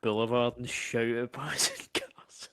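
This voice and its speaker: A man's voice: mid-range voice, steady tone, unhurried, a bit bright, a little hiss or hum. A Scottish man joking around in a casual podcast chat. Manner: joking, laughs between lines.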